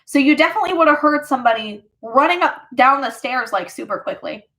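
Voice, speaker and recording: A woman's voice: sits high, lively intonation, fast talker, sharp tone. A woman vlogger casually telling a personal story, rambling with lots of fillers.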